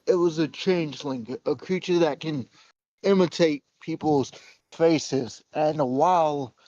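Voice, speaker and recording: A man's voice: a little high, a little mellow, no room sound. Man player, muffled lo-fi mic. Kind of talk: playing a tabletop game.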